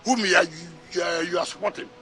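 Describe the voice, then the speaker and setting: Combative Nigerian man, high and sharp. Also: fairly even intonation, faint music behind. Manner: combative, rapid rhetorical questions, repeats words. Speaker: politician interviewee. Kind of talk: heated interview answers.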